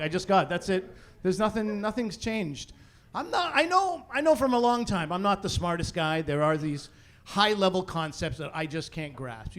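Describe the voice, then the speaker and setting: A man in his forties works a live theatre crowd with a fairly high, animated voice, sliding from mock exasperation into loud shouted punchlines. He speaks into a handheld stage mic. A faint hum of the room sits behind him. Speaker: stand-up comedian. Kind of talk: stand-up comedy set.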